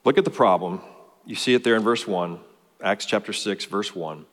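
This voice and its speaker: A man's voice: lowish voice, normal speed, fairly bright tone, in a large hall. A man preaching a sermon as pastor, explaining a passage and building emphasis through lists.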